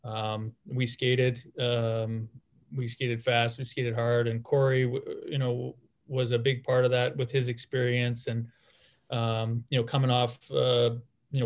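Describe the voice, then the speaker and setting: A man in his thirties talks through his answers casually, piling up fillers and restarting his sentences. His pitch barely moves, giving a flat, level delivery that stays calm throughout. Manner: relaxed, many fillers and restarts. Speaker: guest, former hockey player.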